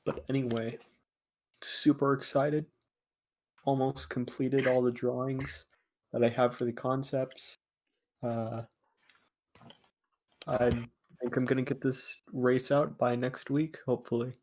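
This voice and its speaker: A man chatting casually with friends before a tabletop game, explaining a race he is designing, halting and restarting often. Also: medium pitch, little pitch movement, darkish tone, slight background noise. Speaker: player designing a homebrew race. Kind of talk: casual chat among friends.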